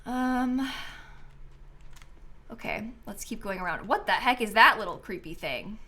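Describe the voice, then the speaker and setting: A woman game streamer chatting casually with her viewers as she plays, thinking aloud and often breaking into excited squeals and laughs. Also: on the high side, a little slow. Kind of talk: casual live-stream chat while playing.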